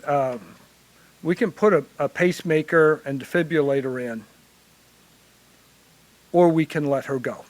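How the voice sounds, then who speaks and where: A man from Illinois who works as a hospital chaplain, telling lively stories to a forum audience. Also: a little high, dry recording, rough recording. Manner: animated anecdotal storytelling. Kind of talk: conference panel storytelling.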